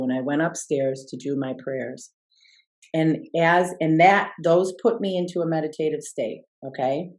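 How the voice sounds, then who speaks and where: A woman's voice: low voice, normal speed, a little mellow. A middle-aged woman and life coach, telling a personal story in an interview in an earnest, reflective way with frequent restarts.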